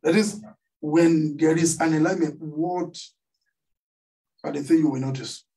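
Nigerian pastor preaching, call-and-response. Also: male voice, a little high, fairly even intonation, unhurried, mellow. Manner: call-and-response questions to the congregation. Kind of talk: sermon. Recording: voice somewhat distant from the mic.

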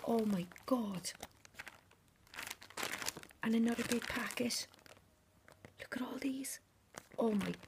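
A woman opening craft gifts on camera, gushing and overwhelmed, slipping between hushed whispers and excited exclamations. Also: mid-range voice, background noise. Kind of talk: unboxing chat, often whispering. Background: crinkling paper and packaging.

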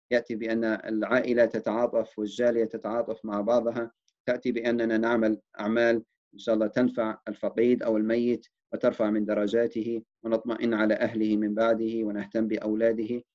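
Fast-talking man, dull lo-fi sound. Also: on the low side, flat delivery, a little mellow. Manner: earnest and reassuring. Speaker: wellness presenter. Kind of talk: educational talk. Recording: dull lo-fi recording.

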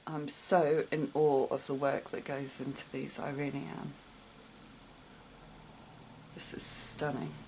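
In a home vlog, a woman unboxes gifts in a casual show-and-tell, gushing over them with breathy exclamations and soft whispers. Her voice is low and gravelly, and she speaks slowly. A steady background hiss runs under the noisy recording.

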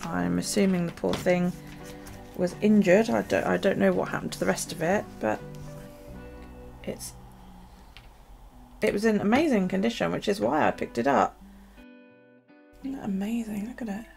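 A woman chatting casually about her journal and her chores, rambling with many pauses and ums. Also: mid-range voice, gravelly, a little mellow, soft background music. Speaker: journaling vlogger. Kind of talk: casual chat.

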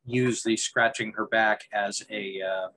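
A man's voice: on the low side, fairly even intonation, measured pace, bright, forceful tone, low-quality recording. A man running a tabletop game as game master, narrating in a meandering way with frequent restarts.

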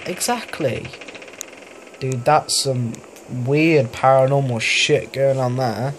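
Young guy rambling slowly over a horror game, laughs when scared, noisy background. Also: medium pitch. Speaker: gaming YouTuber. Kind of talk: casual let's play commentary. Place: home room, family noise downstairs.

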